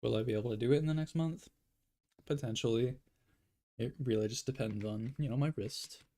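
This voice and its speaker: A young man with a gravelly, fry-edged voice talks through his drawing session in a loose, rambling way. He pokes fun at himself and pads his sentences with fillers, sounding a little tired. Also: mid-range voice, brisk, mellow. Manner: rambling, self-deprecating, with frequent fillers. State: yawning, tired. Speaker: art streamer. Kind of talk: casual drawing livestream chat.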